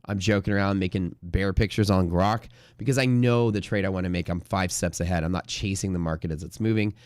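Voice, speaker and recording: Trader host, low voice, dry close sound, jokey, then pitches his classes. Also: a little fast, darkish tone, dry recording. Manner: joking, laughs at his own jokes. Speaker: day trading stream host. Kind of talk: casual live-stream chat.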